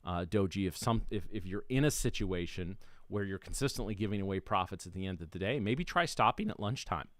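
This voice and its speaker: Low-voiced man explaining trading, dry sound. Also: lively intonation, brisk, few pauses, no room sound. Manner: conversational, restarts often, keeps checking with "right?". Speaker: trading show host. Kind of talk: casual explanatory talk on a livestream.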